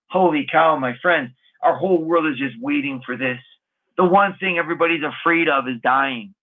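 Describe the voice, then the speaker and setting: A man's voice: fairly high pitch, moderate pace. A man, a Catholic monk, preaching a sermon on scripture and telling stories with folksy, chuckling asides. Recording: narrow phone-like radio sound.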